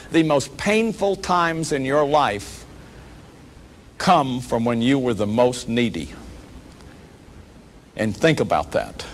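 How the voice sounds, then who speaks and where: A man's voice: fairly high pitch, a little hiss or hum. A man giving a public lecture as a workshop leader, earnest and emphatic, often repeating words as he restarts.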